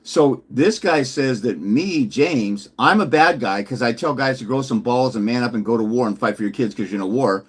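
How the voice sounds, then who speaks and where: A man with a slightly husky voice delivers a ranting commentary, combative and mocking. He circles back to the same jabs again and again, at a middling pitch. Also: moderate pace, few pauses. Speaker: fathers' rights consultant.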